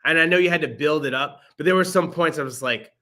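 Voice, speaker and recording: Quick and sharp-toned, a young male podcast co-host with a fairly high pitch banters casually about films. He laughs a lot as the movie review chat rolls on.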